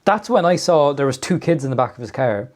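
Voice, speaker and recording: A young man tells a story in a loose, rambling way, leaning on fillers. His voice sits a touch high. It is casual podcast chat. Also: animated, brisk. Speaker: podcast co-host.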